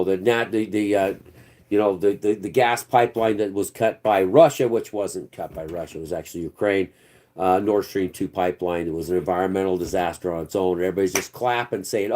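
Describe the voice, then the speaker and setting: A man's voice: lowish voice, a little mellow. A man hosting his own political commentary channel, ranting off the cuff in a rambling, sarcastic and profane way.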